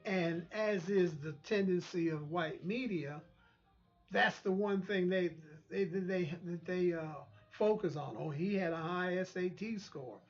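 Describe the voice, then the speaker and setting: A man's voice: high voice, unhurried, lo-fi sound, soft background music. A man hosting his own channel, delivering an impassioned, preachy commentary and repeating phrases for emphasis. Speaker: channel host.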